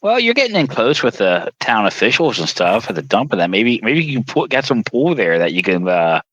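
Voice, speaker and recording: A man's voice: fairly low pitch, big pitch swings, normal speed, fairly bright tone, no room sound, muffled recording. A man co-hosting a podcast in casual chat, chiming in with laughs and profane interjections. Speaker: podcast co-host.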